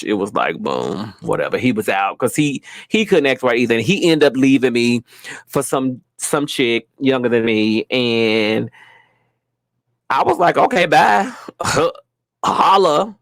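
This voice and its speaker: A podcast host, a man chatting casually in slangy, profane talk. He acts out other people's lines as he tells a story. His voice sits at a middling pitch and sounds dry and close to the mic. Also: no room sound. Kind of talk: casual chat.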